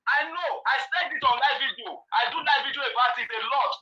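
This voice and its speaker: High-pitched man on a muffled line. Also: a little hiss or hum. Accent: Nigerian Pidgin English. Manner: passionate, rapid rhetorical questions. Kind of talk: casual political chat.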